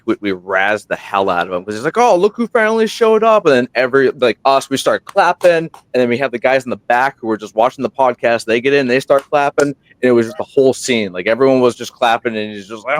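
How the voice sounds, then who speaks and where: A man on a podcast, a guest who hosts his own show, telling stories in a rambling, animated way and acting out quotes, sounding tired at night. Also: mid-range voice, brisk, few pauses, dry recording. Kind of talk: casual interview storytelling. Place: remote room while on military deployment. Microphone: single portable microphone.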